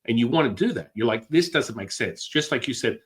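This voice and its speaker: Excitable man telling wild stories. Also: mid-range voice, a little fast. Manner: excitable, swears, acts out quotes in other voices. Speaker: guest. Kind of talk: animated storytelling.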